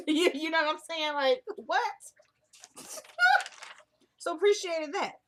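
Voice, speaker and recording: A woman's voice: high voice, moderate pace, a little hiss or hum. A young woman casually recapping a TV drama episode, retelling each scene by acting out the characters' lines.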